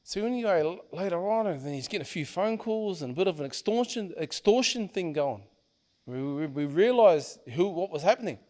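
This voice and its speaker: A middle-aged man, a podcast guest, telling stories in a casual, animated way and swearing freely. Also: sits high, fairly quick. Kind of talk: casual storytelling.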